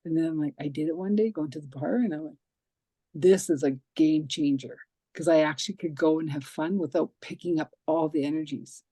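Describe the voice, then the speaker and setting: A woman hosting a casual interview podcast, telling lively stories and acting out the dialogue in them. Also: low voice, quick pace, few pauses, breathy edge, dry recording. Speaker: podcast host.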